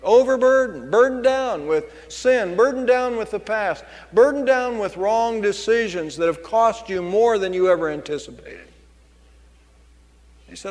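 A male pastor delivers a sermon in a notably high voice, hammering his points with repeated phrases. His words ring out with a long reverberant tail from the church sanctuary around him. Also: unhurried. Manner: preaching with emphatic repetition.

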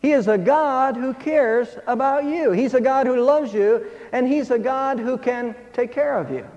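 A man's voice: extremely high pitch, a little slow, a little mellow. A man preaching a sermon, telling a fable in an earnest, emphatic way. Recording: dull hall reverb.

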